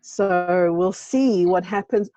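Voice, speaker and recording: Emphatic woman from South Africa, mellow tone. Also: fairly low pitch, slow, dry recording, lo-fi sound. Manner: emphatic, repeats phrases for stress. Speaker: show co-host. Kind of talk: casual video-call chat. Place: home in a seaside village.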